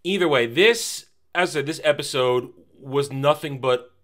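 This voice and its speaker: Male reviewer, casual and emphatic, with a bright, forward tone. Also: medium pitch, normal speed. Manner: animated and emphatic, fond of repeating phrases; casual, with mild swearing. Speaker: TV series reviewer.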